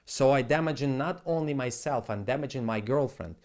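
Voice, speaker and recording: A man's voice: medium pitch, fairly quick, a little mellow. A man on a casual live stream at his home setup, rambling bluntly and with plenty of swearing, in broken English.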